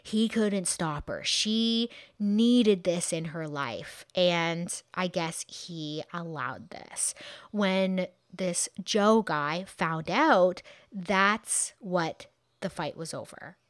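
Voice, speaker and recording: A woman's voice: lowish voice, very slow, no echo, studio quality. A woman hosting a true crime podcast, recounting a case in a casual, conversational way with frequent asides and fillers.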